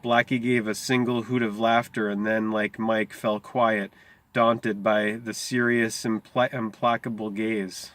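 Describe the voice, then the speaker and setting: A man reading a short story aloud, unhurried, slowing on key phrases and sometimes stumbling over a word. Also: on the low side, level tone, fairly bright tone, dry recording. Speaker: reader.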